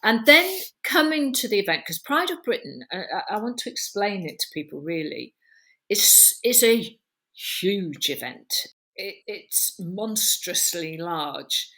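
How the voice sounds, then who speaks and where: A woman hosting a podcast interview, talking in an animated, emphatic way and piling up descriptions. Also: medium pitch, measured pace. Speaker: podcast host. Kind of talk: conversational interview.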